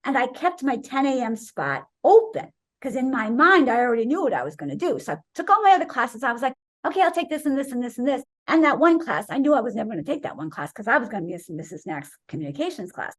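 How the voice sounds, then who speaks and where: A woman in her sixties tells a story as an interview guest, and her voice sits high and swings widely as she acts out the people she quotes. Her tone is a little husky. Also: big pitch swings, fast talker, few pauses. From Wisconsin, USA. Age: 60s.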